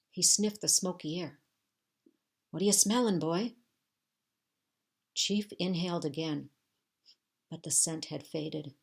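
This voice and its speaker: Woman, teacher, low voice, reading a chapter book aloud to children, steady, measured. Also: gravelly, husky.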